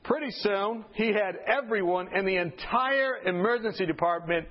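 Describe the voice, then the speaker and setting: A male preacher telling a story in a sermon with lively, comic delivery, on a slightly dull recording. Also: high-pitched, normal speed.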